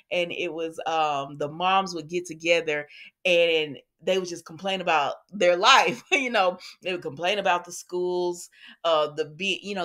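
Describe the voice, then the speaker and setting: A woman casually recapping a soap opera, chatty and animated, acting out quoted lines. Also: on the low side.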